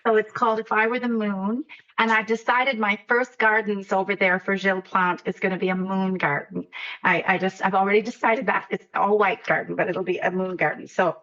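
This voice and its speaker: A woman author telling a personal story in a halting, repeating way with frequent laughs, then reading her own poem aloud, heard over a video call. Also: medium pitch, level tone, dull audio. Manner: warm, halting, laughs often, repeats words. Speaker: poet and author guest.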